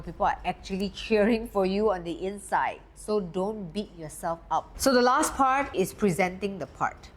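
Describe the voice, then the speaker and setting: Woman, confidence coach, steady and emphatic, fairly low voice, faint hiss behind. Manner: steady, emphatic, lively pitch swings on key words. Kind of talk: talking-head teaching talk.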